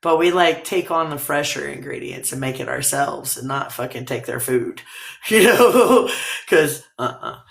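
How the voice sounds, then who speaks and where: Woman, livestream host, casual rambling chat, frequent laughs, fry in the voice, roomy echo. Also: deep voice, lively intonation, a little slow.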